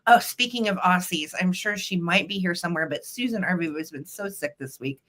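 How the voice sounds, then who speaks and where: A woman's voice: lowish voice, a little fast, a bit bright. A middle-aged woman hosting a live vintage sale stream, bubbly and chatty, greeting viewers by name.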